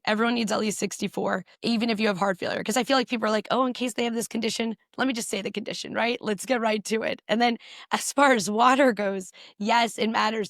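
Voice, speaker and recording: A woman physician answering interview questions and explaining health tips briskly, repeating points for emphasis. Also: on the high side, gravelly, dry recording, studio quality. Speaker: physician guest.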